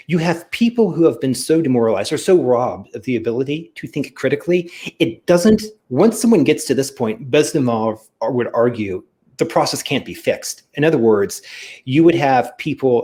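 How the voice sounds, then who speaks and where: A man's voice: mid-range voice, a little mellow. A man co-hosting a podcast, explaining at length in a casual way, with frequent "you know" fillers. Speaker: podcast co-host. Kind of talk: casual discussion.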